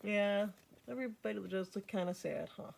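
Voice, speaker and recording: A woman's voice: mid-range voice, moderate pace, vocal fry, a little mellow. A woman reading a picture book aloud to children as a storytime host, with chatty asides to her listeners.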